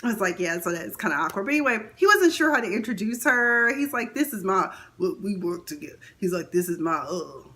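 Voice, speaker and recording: A woman's voice: medium pitch, lively intonation, fairly quick, few pauses, bright, forceful tone. A woman hosting a casual TV recap, chatting and acting out the characters' lines with big swings in her voice. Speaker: TV recap host.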